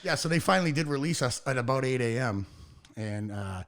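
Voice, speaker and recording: Profane, animated American man telling a story. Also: medium pitch, fairly quick. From United States. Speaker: podcast guest, hardcore band singer. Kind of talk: casual storytelling chat.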